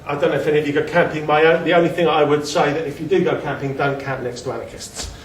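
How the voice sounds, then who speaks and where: A man's voice: fairly high pitch, steady tone, fast, slight background noise. A man giving a casual slide talk, chatty and self-deprecating, often restarting his sentences. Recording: echoey room, mic at a distance.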